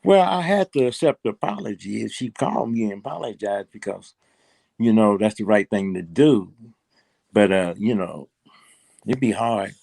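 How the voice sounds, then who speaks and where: A man's voice: lowish voice, expressive, normal speed, gravelly, a little mellow, no room sound. An older man, a guest in a casual interview, rambling and repeating words with plenty of fillers.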